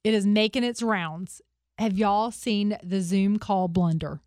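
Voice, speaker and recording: A woman's voice: medium pitch, a little slow, no echo, clean studio sound. A woman co-hosting a morning radio show, telling a funny story with lots of laughter and gushing energy. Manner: excitable, laughs often, gushing. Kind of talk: animated on-air storytelling. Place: radio studio.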